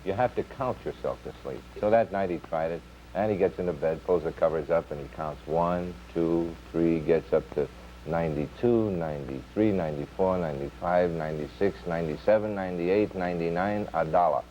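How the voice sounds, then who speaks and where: Man, deep-voiced comic, dry one-liners, noisy dull old TV sound. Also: fairly even intonation, a little fast, dark tone. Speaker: comedian. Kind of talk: joke telling at a round table. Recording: dull old TV audio with clear noise.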